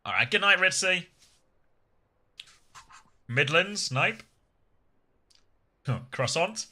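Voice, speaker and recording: This co-streamer from southern England has a high-pitched, animated voice with a sharp tone, speaking slowly. He casually commentates an esports match live, talking with his viewers and laughing frequently.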